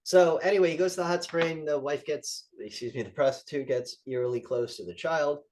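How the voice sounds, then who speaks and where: A man's voice: fairly high pitch, a little fast. Laughing, swearing podcast guy. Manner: animated, profane, laughs often while retelling scenes. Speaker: podcast co-host. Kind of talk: casual movie review chat.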